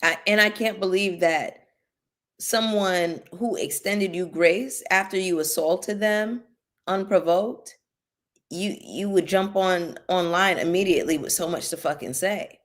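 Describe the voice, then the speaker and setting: A woman's voice: fairly low pitch, measured pace. A woman hosting a casual commentary livestream. She is tipsy and swears heavily in a blunt, heated way. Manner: heavy cursing, blunt and heated. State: tipsy from drinking bubbly. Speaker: channel host.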